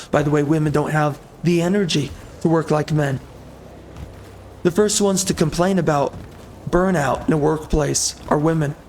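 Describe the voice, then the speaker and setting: A man's voice: fairly high pitch, a little mellow, a little hiss or hum. A man ranting in heated, emphatic, repetitive commentary over gameplay. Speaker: gaming commentator.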